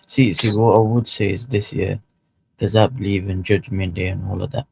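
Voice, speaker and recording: A man's voice: low-pitched, fairly even intonation, moderate pace, gravelly, darkish tone, slightly rough, dry recording, poor audio. A man co-hosting a stream, telling stories in casual chat and repeating his words.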